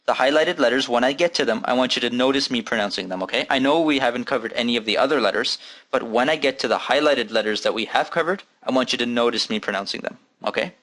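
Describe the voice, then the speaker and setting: In a recorded language lesson, a man with a medium pitch and fairly bright tone teaches Arabic reading at a fast pace. He patiently repeats letter sounds and asks the students to follow along.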